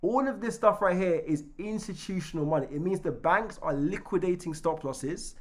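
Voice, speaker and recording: A man teaching a live online trading lesson in an energetic way, often checking in with his listeners and repeating words as he goes. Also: high-pitched, moderate pace. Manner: energetic, keeps checking in with "right?". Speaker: trading coach.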